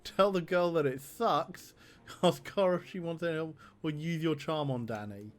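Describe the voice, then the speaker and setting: A man's voice: on the high side, moderate pace. A man streaming a text adventure game, reading the options aloud and laughing often.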